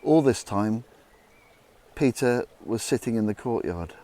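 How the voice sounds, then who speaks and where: A man narrating a Bible story in a dramatic retelling style, dropping to hushed tones. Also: animated, a little slow, dry recording. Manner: dramatic, hushed low passages.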